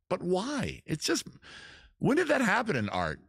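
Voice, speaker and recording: A man's voice: high voice, wildly swooping pitch, slow, creaky, fairly bright tone, breathy edge, no room sound, clean studio sound. A man hosting a casual music and drinking show, rambling through self-mocking jokes between songs. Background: guitar music.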